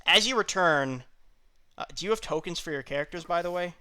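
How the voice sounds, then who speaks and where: Casual: dude running a tabletop game, kinda high bright clear voice, lots of uhs and sorrys. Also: male voice, animated, a little fast. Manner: hesitant, apologetic, fumbling with fillers. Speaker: game master.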